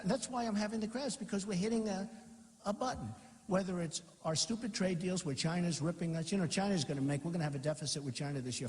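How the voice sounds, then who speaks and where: A man's voice: sits high, darkish tone. A man in his sixties giving a rambling rally speech, reading aloud and breaking off into asides. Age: 60s. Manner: rambling, reads aloud then riffs with asides. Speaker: political candidate at a campaign rally. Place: packed large auditorium with balcony. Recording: long reverb in a big hall.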